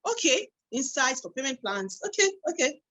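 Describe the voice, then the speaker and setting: A woman with a Nigerian English accent hosts a live online meeting. She talks in a chatty, lively way and reads audience comments aloud as they arrive, heard through a computer mic on a video call. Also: high voice, moderate pace, low-quality recording. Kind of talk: hosting a live online webinar.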